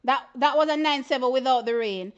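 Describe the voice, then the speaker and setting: A woman with a Jamaican accent hosting an animated live reaction stream about track races, excitable and exclamatory, with chatty asides to her viewers. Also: high voice, brisk, muffled recording. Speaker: track and field stream host.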